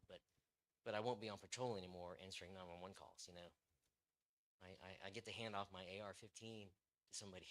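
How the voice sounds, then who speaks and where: A man's voice: deep voice, bright, forceful tone. A young man, a police officer, speaking as a guest to a church group in a rambling, casual way with many fillers and restarts.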